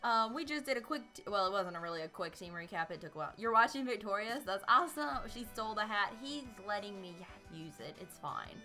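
Bubbly woman streamer with a bright voice. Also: mid-range voice, lively intonation, quick pace, hardly any pauses, soft background music. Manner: bubbly, greets chat, laughs often. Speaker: livestream host playing a video game. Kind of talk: casual live gameplay chat.

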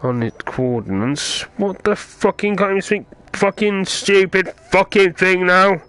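A man, playing a VR game and muttering frustrated, swear-filled commentary that breaks into yelling. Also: high-pitched, measured pace, clean tone. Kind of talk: let's play commentary.

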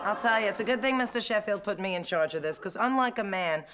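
An actress playing a brassy, quick-witted nanny who talks in wisecracks. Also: female voice, medium pitch, lively intonation, over loud music, natural voice. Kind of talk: sitcom acting. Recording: sitcom audio with loud background noise.

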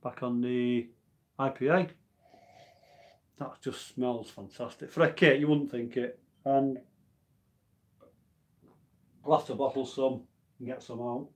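A man in his forties chats casually on a live stream, with a voice sitting at an ordinary middle pitch. He rambles from one thought to the next and answers viewer comments along the way, in a relaxed, homely tone. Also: slow pace, long pauses. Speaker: homebrew channel host.

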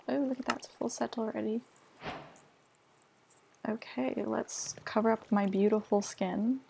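Chatty young woman with a gravelly voice. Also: on the high side, steady tone, measured pace, pauses often, warm tone. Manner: chatty, self-mocking, lots of fillers like "like" and "literally". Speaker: gaming vlogger. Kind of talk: casual gameplay commentary. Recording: noisy home recording.

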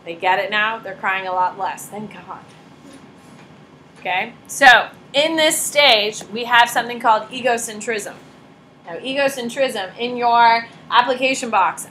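Bright, chatty woman teacher lecturing. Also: medium pitch, a little hiss or hum, low-quality recording. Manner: chatty, storytelling, sarcastic asides. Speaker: high school teacher. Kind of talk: classroom lecture. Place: classroom.

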